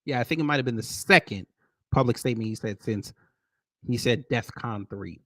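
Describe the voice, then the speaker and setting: A man hosting casual reaction commentary who talks to viewers directly, swinging between loud emphasis and muttered asides. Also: medium pitch, normal speed, no room sound, clean studio sound. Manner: addresses viewers directly as folks. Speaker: commentary host.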